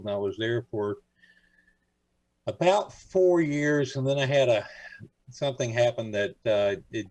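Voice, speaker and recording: A man's voice: lowish voice, darkish tone, no echo, rough recording. An older man from Florida, a radio show guest, telling stories in a rambling, folksy way with lots of fillers. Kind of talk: casual interview chat.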